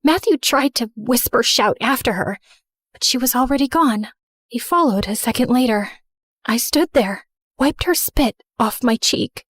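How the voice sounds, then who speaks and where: Woman, first-person story narrator; a bit high, earnest, dry close recording. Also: dry recording.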